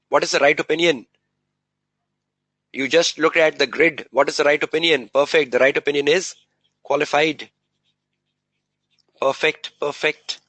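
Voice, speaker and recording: A man's voice: medium pitch, fairly bright tone, no echo, low-quality recording. A man giving a live exam revision lecture, quizzing students with rhetorical questions and repeating key words for emphasis.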